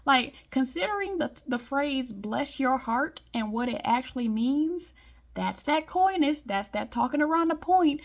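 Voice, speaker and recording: A woman's voice: high voice, expressive, normal speed, creaky, fairly bright tone. A woman from Detroit giving a blunt, emphatic monologue in casual vlog style. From Detroit, US Midwest. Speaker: vlogger.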